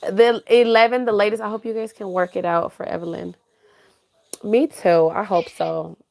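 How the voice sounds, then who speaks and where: A woman's voice: mid-range voice, steady tone, normal speed, vocal fry, a little mellow. A tired woman hosting a podcast call-in, chatting casually and scattered, laughing often and coaxing a baby in a sing-song voice. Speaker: podcast host. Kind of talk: casual chat with a caller.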